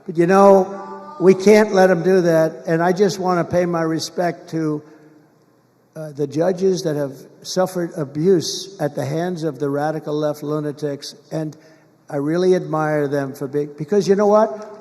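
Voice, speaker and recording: A man's voice: fairly high pitch, fairly even intonation, a little slow, warm tone. A man in his seventies giving a rambling, emphatic campaign rally speech and repeating his phrases, heard through the long reverb of a big venue. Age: 70s. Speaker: political candidate.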